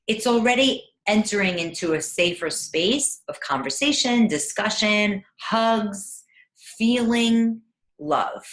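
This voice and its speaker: Lively, encouraging woman parenting coach. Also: mid-range voice, slow pace. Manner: gentle, encouraging, animated. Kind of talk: teleclass talk. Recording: echoey room.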